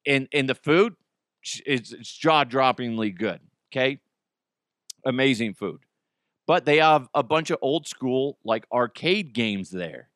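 A man hosting a podcast alone, chatting casually in an animated, profane, rambling way. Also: mid-range voice, no echo, studio quality. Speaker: podcast host. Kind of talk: casual solo podcast chat.

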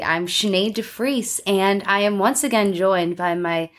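A woman's voice: mid-range voice, takes it slowly, hardly any pauses, a bit bright. Woman, podcast host, casual true-crime chat, giggly storyteller. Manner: giggly, laughs often while telling the story.

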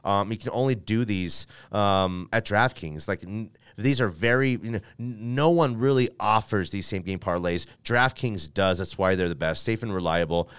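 A man's voice: on the low side, moderate pace, few pauses, fairly bright tone, smooth, no room sound. A man hosting a casual sports podcast, rambling and correcting himself with lots of fillers, reading an ad and then talking about his team. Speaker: podcast host. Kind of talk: casual podcast talk with ad read.

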